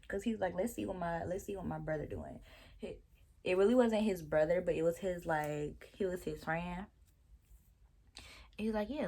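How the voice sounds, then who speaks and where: A woman's voice: on the low side, mellow. A woman vlogger casually telling a story, chatty and exasperated, with restarts along the way.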